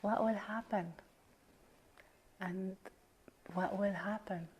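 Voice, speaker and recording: A woman at an ordinary middle pitch speaks as a life coach in a live session. She talks earnestly, repeating affirmations and gentle questions as she guides a tapping exercise. Her voice often sinks into a soft hush. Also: steady tone, slow pace, a little hiss or hum.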